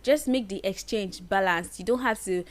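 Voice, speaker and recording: A woman's voice: mid-range voice, normal speed. Earnest woman giving emphatic advice. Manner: earnest, emphatic, repeats phrases for stress. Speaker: podcast host. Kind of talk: solo advice podcast monologue.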